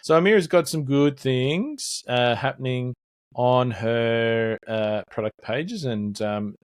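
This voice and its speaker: A man's voice: mid-range voice, takes it slowly, smooth, dry recording, studio quality. A man hosting a podcast, talking through a website in a loose, conversational way with lots of fillers and little acted-out sales exchanges. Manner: conversational, filler-heavy, acts out salesperson dialogue. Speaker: podcast host. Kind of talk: casual business podcast teardown.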